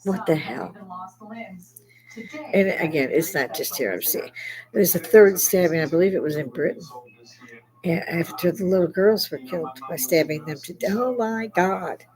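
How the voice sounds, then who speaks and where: A woman's voice: deep voice, normal speed, a crowd in the background, low-quality recording. Older lady venting to her viewers, fired up, cussing, no filter. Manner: angry ranting, blunt and profane. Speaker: host. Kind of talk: casual monologue to camera.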